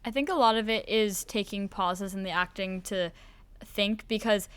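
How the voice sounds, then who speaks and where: A teenage girl speaks in a smooth, clear voice at a middle pitch. She answers questions thoughtfully and chattily, pausing now and then with small fillers. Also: fairly even intonation, fairly bright tone, no room sound. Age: teens. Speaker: student actor, interview guest. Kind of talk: casual chat on a school podcast.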